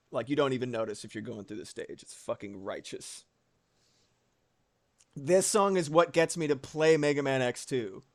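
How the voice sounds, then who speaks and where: A man's voice: on the high side, dry recording, clean studio sound. A young man chatting casually on a livestream while he draws, rambling and swearing with lots of fillers. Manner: animated, profane, rambling with many fillers. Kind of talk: casual chat while drawing.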